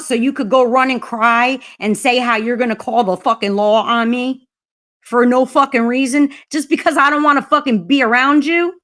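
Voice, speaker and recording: A woman's voice: fairly high pitch, fairly even intonation, moderate pace, fairly bright tone. A woman hosting a livestream chat, ranting heatedly and swearing a lot. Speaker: livestream host.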